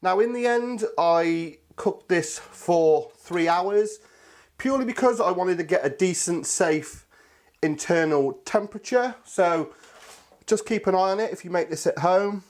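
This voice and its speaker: A man's voice: high-pitched, expressive, measured pace. A man hosting a casual cooking video, chatty and enthusiastic, talking to viewers as his friends. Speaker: cooking channel host.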